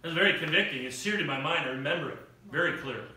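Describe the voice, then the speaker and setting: A middle-aged man preaching a sermon, with a bright, forceful voice full of storytelling energy. He acts out quotes as he goes. The sound is very echoey and picked up from across the hall. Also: on the high side, very fast. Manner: storytelling with acted quotes and rising emphasis. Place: church hall. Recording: echoey room picked up from far off.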